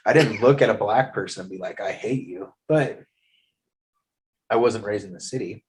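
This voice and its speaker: A man in his thirties from Eastern Oregon hosts a podcast, running a casual interview. His voice is fairly low and his speed normal, and he tells stories bluntly, swearing heavily.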